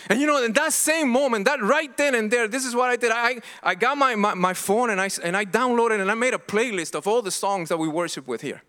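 A man's voice: high voice, fairly quick, few pauses, bright, forceful tone, smooth. A middle-aged man preaching a sermon as pastor, earnest and impassioned, often restarting and repeating himself.

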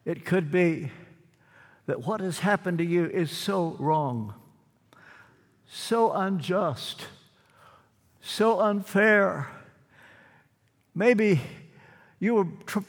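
An older man preaching a sermon, earnest and dramatic, with repetition and long pauses. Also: high voice. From United States. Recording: long hall reverb.

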